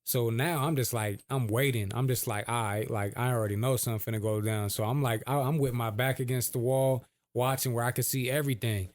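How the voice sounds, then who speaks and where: A man co-hosting a podcast, rambling through a story in a relaxed, profane way. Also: mid-range voice, a little fast, few pauses. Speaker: podcast co-host. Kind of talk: casual storytelling.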